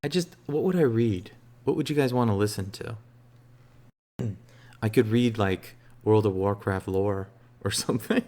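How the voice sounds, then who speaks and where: A man streaming games, chatting casually in a relaxed, rambling way with a soothing voice and lots of fillers. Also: lowish voice, unhurried. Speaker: game streamer. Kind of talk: casual live-stream chat.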